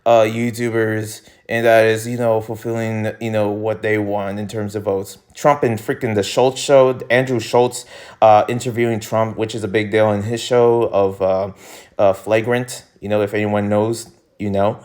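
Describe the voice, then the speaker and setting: A young man hosting a casual commentary vlog, rambling and laughing, with sudden jumps in pitch. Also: little pitch movement, normal speed, a little mellow. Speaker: YouTuber host.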